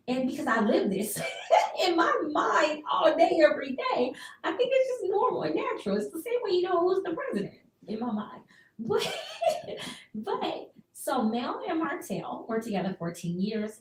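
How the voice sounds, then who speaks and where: A woman radio host giving a chatty, expressive recap that she acts out with quick bits of dialogue. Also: on the high side, echoey room, distant mic, rough recording.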